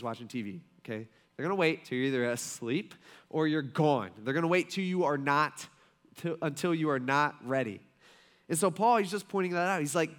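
In a somewhat high voice with a fairly bright tone, a man in his thirties preaches as a pastor. His sermon is relaxed and conversational, full of homespun stories, frequent fillers, and side remarks.

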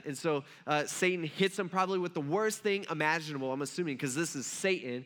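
A man's voice: fairly high pitch, fairly quick, few pauses, fairly bright tone. A man preaching a sermon, retelling a scripture story in a conversational way with rhetorical asides to the listeners. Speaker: pastor.

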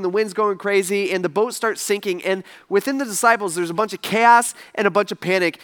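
High-voiced man preaching a sermon. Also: fairly bright tone, smooth. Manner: conversational storytelling, asks the crowd questions. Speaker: pastor.

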